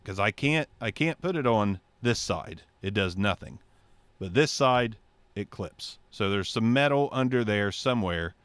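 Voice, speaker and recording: A man's voice: fairly low pitch, a bit bright, dry recording. A man giving a casual, joking microphone review from his home studio, thinking aloud as he tests the gear. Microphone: testing a handheld wireless mic.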